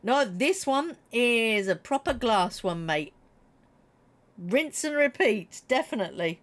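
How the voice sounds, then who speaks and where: A middle-aged woman chatting casually while she streams a game, giggling and greeting her chat. Her voice sits a little high, with a slight froggy catch in her throat. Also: expressive, takes it slowly.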